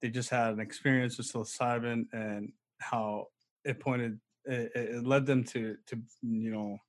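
A man's voice: mid-range voice, level tone, moderate pace. A man hosting a casual conversation, hesitant and trailing off with fillers.

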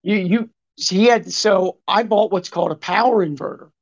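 A man's voice: high-pitched, normal speed, creaky. A man in his fifties telling a long story in casual conversation, rambling and swearing, full of asides and quoted remarks. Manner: rambling and profane, many asides and reported speech. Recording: dull lo-fi recording.

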